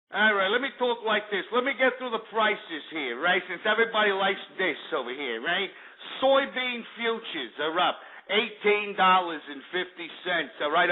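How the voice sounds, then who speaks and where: A man putting on a New Jersey accent to play a boastful, crude Jersey Shore tough guy who ends lines with "eh?". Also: high-pitched. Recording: tinny phone-like line.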